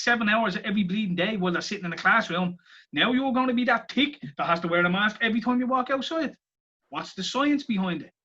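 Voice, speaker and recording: A man's voice: high voice, sharp tone, highs cut off. A man co-hosting a casual podcast, ranting heatedly with swearing and rhetorical questions. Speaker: podcast co-host. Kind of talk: casual chat.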